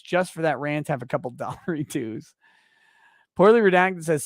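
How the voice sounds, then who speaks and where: A tipsy man in his thirties hosts a livestream, reading donations aloud and ranting with loud, profane energy that drops suddenly to a mutter. His voice sits a bit high for a man and sounds dry and close to the mic. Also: no room sound. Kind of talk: casual livestream chat.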